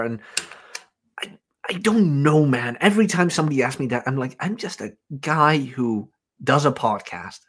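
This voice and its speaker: Blunt, animated male podcast host. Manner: blunt, swears freely, acts out quotes in a higher voice. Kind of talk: casual podcast chat.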